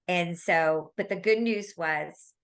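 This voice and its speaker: A woman guest in an interview, telling long stories in a rambling, animated way. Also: lowish voice, takes it slowly. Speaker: guest, medical intuitive medium. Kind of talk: casual storytelling interview.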